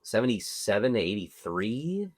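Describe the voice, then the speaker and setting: A man's voice: lowish voice, very animated, normal speed, dry recording, studio quality. A man co-hosting a podcast in casual chat, laid-back and hedging his words with "like" and "I believe.". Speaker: podcast co-host.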